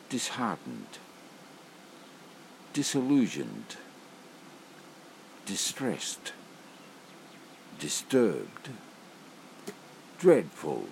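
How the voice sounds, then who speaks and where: A man with a low, gravelly voice reads single words one by one at a very slow pace. His pitch rises and falls widely from word to word. A faint hiss of noise sits under the recording. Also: darkish tone. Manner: slow, deliberate word-by-word reading with long pauses. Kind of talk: slow list of emotion words read aloud.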